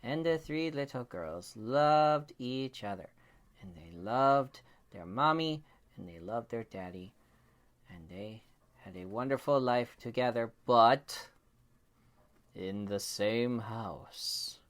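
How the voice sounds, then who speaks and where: A man telling his children a bedtime story, dropping to a hush and jumping up into shrieks. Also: mid-range voice, animated. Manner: slow, hushed, then shrieking kid voices. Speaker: storyteller dad.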